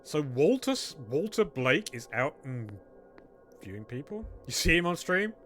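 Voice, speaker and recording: Bright joking male streamer. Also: on the high side, very animated, normal speed, soft background music. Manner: joking, irreverent, chatty. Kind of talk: casual live-stream chat while playing a game.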